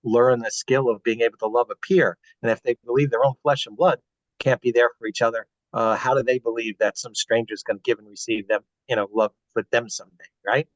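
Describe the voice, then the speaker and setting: A man's voice: medium pitch, steady tone, a little fast, dry recording. A man speaking earnestly as a guest on a webinar, advising parents on family values. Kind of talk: webinar talk. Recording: dull, dry webinar audio.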